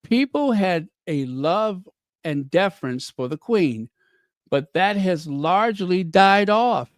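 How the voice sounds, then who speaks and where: A man's voice: high voice, animated, slow pace, dry recording, studio quality. A man hosting a livestream, reading out viewer comments and giving emphatic commentary that repeats key phrases. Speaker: livestream host.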